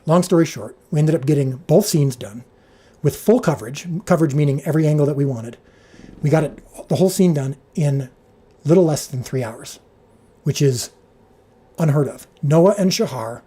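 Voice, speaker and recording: A man who directs a show, telling an animated behind-the-scenes story on a livestream, full of restarts and fillers, his pitch leaping when he quotes people. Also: slightly rough. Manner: frequent restarts and filler words.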